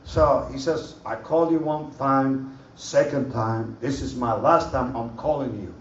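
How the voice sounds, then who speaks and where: A man giving an animated personal testimony at a church conference, in broken English. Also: mid-range voice, a little slow. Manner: animated storytelling, broken English, laughs often. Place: conference hall. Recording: roomy hall, far mic, dull lo-fi, faint noise.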